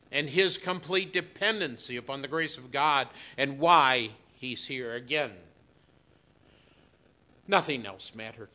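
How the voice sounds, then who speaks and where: A man preaching a sermon in a church, slow and emphatic, swinging between loud declarations and hushed asides. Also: a little high. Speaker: pastor.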